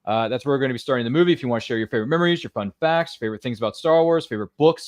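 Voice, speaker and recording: A man in his thirties from Maryland hosting a casual watchalong live stream, excitable and exclamatory with playful asides. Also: mid-range voice, very fast, hardly any pauses, no room sound, clean studio sound. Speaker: livestream watchalong host. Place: home studio.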